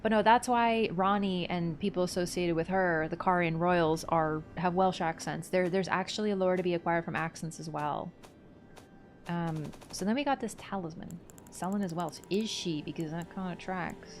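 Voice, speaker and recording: A woman's voice: on the low side, moderate pace, faint music behind. A woman streaming a game, talking casually through its lore, thinking aloud and answering her chat. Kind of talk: casual livestream lore commentary.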